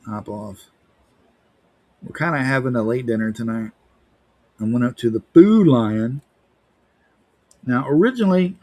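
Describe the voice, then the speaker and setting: A man's voice: mid-range voice, a little mellow, no echo. A man chatting on a live art stream, rambling and joking playfully. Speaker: livestreaming artist. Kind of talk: casual stream chat.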